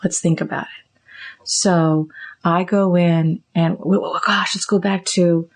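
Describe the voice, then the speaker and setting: A middle-aged woman therapist hosting a podcast, explaining ideas casually and acting out little example dialogues. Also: slow pace. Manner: animated, acts out example dialogues with raised pitch.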